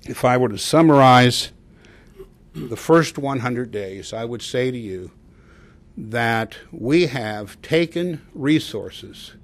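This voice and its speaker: A man who directs a public agency, giving a formal progress report to a commission in a measured, earnest way, with frequent pauses to say "uh". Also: mid-range voice, animated.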